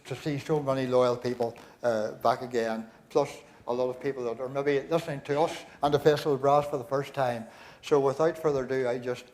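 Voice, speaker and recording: At a concert in a large church, an older Northern Irish compère chuckles and rambles through jokes on a stage microphone, full of fillers and restarts. His voice is a little high with a darkish tone, and there's slight background noise.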